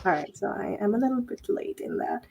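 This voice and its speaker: A woman's voice: medium pitch, lively intonation, creaky, mellow, a little hiss or hum. Hesitant woman hosting a livestream. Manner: hesitant, many filler pauses. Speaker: host. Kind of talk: casual livestream panel chat.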